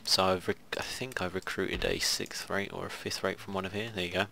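Deep and flat, this man's voice moves a little fast and sounds creaky, pushed and bright, with slight background noise behind it. As a gaming video host, he rambles through casual let's play commentary on a strategy game, muttering asides to himself.

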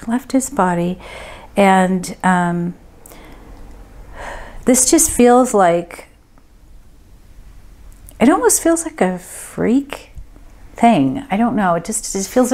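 A woman gives a medium's reading to a group, talking casually and haltingly as she thinks aloud. Her voice sits at a middle pitch. She fills her pauses with fillers as she goes. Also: a little mellow. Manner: hesitant, thinking aloud with many ums.

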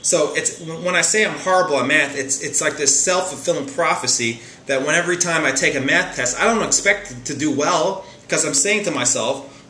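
A man's voice: a little high, lively intonation, moderate pace, sharp tone, reverberant, slight background noise. A man giving a casual spiritual monologue from a chair at home, emphatic and repetitive, with frequent stumbling restarts. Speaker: spiritual talk host. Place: room in a home, seated on a chair.

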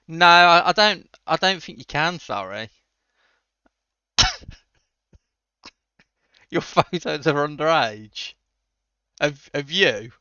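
Man, livestream host, bright crisp voice, dry room, slightly dull lo-fi sound. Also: fairly high pitch, animated, takes it slowly, long pauses, no echo. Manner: answers chat questions with dry jokes. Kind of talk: casual coding livestream chat.

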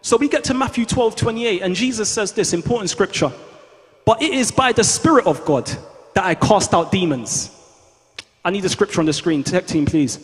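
Man, very high voice, fervent preacher, call-and-response, reverberant church hall. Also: lively intonation, normal speed. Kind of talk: sermon. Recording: long reverb of a large hall.

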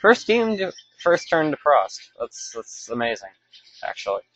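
A man's voice: on the high side, big pitch swings, measured pace, fairly bright tone, lo-fi sound, faint music behind. A man giving casual, rambling commentary over his own gameplay, often stopping to correct himself. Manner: rambling, self-correcting, offhand. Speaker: let's play commentator.

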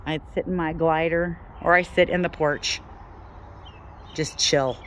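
A woman's voice: deep voice, a little slow, slight background noise. A woman hosting a casual gardening vlog, walking through her home garden and porch and chatting about her plants. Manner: relaxed, chatty, lists plant names. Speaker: gardening channel host.

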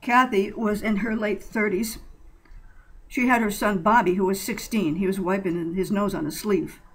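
A woman reading a short story aloud in a plain, steady way with occasional slips. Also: mid-range voice, moderate pace, slightly rough, rough recording. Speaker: narrator.

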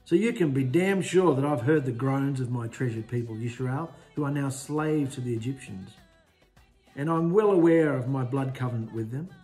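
A man's voice: medium pitch, normal speed, darkish tone, faint music behind, natural voice. A man voicing a commanding male deity who speaks in firm, emphatic declarations.

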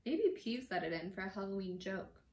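A woman's voice: medium pitch, lively intonation, brisk, a little mellow, close to an everyday voice. A woman voicing a grumbling, snappish schoolboy in a storybook reading, close to her own voice. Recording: echoey room.

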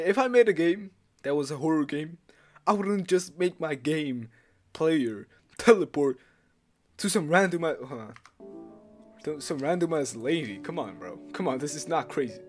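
Young guy yelling through a horror game, swears constantly, voice jumps all over, music going in the background. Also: fairly high pitch, moderate pace. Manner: swearing, jumpy, yelps and screams at scares; loud, excitable, repeats himself. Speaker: gaming YouTuber. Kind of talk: horror game let's play commentary.

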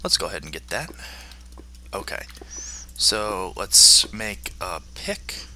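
A man's voice: low-pitched, big pitch swings, takes it slowly, sharp tone, a little hiss or hum. A man giving chatty video game commentary, joking and talking to the monsters in the game. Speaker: gamer.

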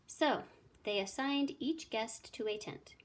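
A woman teacher reading a children's math story aloud with clear, expressive storytelling. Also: a little high, takes it slowly.

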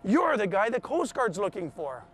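High-voiced man telling a story. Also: normal speed. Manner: animated retelling that acts out quoted voices. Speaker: interviewee, survivor telling his story. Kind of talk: personal storytelling in a TV interview.

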